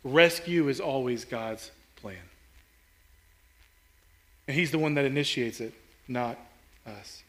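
A man's voice: medium pitch, slow pace, long pauses, a bit bright. A man preaching a sermon as pastor, earnest and rising in intensity, often repeating and restarting his words.

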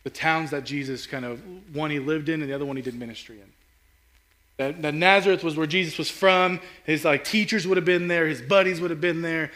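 A man's voice: on the high side, fairly quick, a bit bright. A man preaching a sermon as pastor, earnest and rising in intensity, often repeating and restarting his words.

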